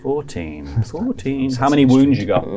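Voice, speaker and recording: A man's voice: medium pitch, sing-song, normal speed, crowd noise. A man narrating as game master of a tabletop horror game, describing scenes loosely and vividly. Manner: loose, vivid, full of fillers.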